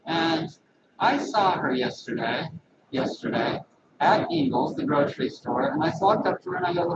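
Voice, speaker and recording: A man's voice: fairly high pitch, normal speed. A man who works as a massage therapist, talking casually and rambling to his webcam at home. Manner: rambling, animated, folksy asides. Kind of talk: casual vlog talk to camera. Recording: echoey lo-fi webcam audio from a distance with loud background noise.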